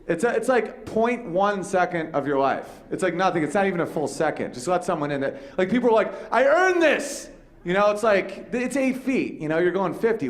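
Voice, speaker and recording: Brief: male comedian host, slightly high pitch, animated bit-telling with put-on voices. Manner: animated storytelling, acts out quoted voices, swears freely. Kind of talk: casual comedic chat.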